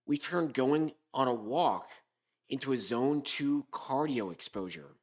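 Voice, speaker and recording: A man hosting a comedic podcast monologue, hoarse from a sore throat, with a sarcastic, rambling delivery. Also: mid-range voice, lively intonation, measured pace. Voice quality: hoarse, smoker-like. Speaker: podcast host.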